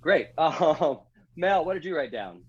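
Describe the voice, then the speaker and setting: A cheerful male game show host with a slightly high voice who laughs easily between lines. He reads the questions out slowly and clearly for his panel. The audio is a bit dull and lo-fi. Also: big pitch swings. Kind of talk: hosting a comedy panel game.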